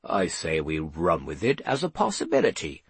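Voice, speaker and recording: A man reading aloud, voicing a confident gentleman in an easygoing, assured way. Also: sits low, huge pitch swings, moderate pace, breathy edge, no echo, voice pushed down, heavily acted. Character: confident man, relishing a challenge.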